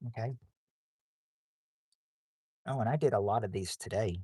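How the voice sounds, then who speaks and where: A man's voice: lowish voice, a little slow, darkish tone, slightly rough, dry recording, clean studio sound. A man hosting a livestream game night on his phone in a casual, rambling way, reading out viewers' names and answers.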